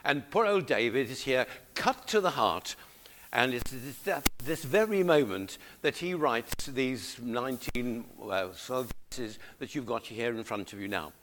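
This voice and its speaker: A man's voice: mid-range voice, expressive, unhurried, a bit bright, slight background noise. A man preaching a sermon, coaxing his congregation to read along with him. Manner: exhorting, coaxing the congregation to join in.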